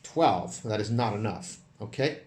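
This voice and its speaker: A man's voice: fairly low pitch, measured pace, reverberant. Man narrating a solo tabletop game. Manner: counts dice aloud, animated narration. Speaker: solo game master and player.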